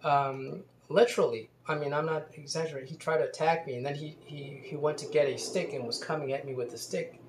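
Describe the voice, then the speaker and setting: A man's voice: fairly high pitch, steady tone, fairly quick, hardly any pauses, a little hiss or hum. Man rambling through a story, roomy echo. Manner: rambling, many restarts and fillers. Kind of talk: casual storytelling monologue.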